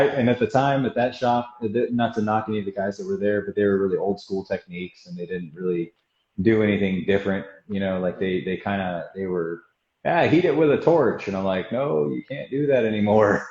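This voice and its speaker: A man's voice: fairly low pitch, a little fast, a little mellow. A man, a guest auto body technician, telling stories from the shop in a casual, rambling way and laughing often. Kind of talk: casual storytelling chat. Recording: roomy, dull lo-fi sound.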